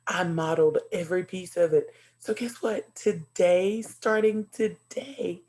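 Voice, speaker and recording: A woman teaching a second grade class in a recorded video lesson, cheerful and encouraging, speaking slowly and clearly for young children. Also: on the low side, dark tone.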